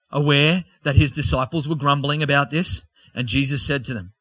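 A man's voice: fairly high pitch, level tone, moderate pace, sharp tone, no echo. A man preaching a sermon, reading scripture and breaking off into conversational asides and jokes with the congregation.

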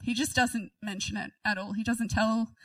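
A woman's voice: a little high, steady tone, normal speed, fairly bright tone, no room sound, far from the mic, rough recording. A woman reading a Bible passage aloud and commenting on it in a chatty, giggly way. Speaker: Bible teacher.

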